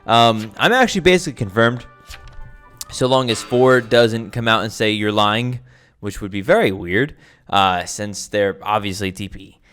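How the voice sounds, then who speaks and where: A man's voice: fairly low pitch, normal speed, fairly bright tone. A man giving casual commentary over his own gameplay, thinking aloud with many restarts and fillers. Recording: faint background music.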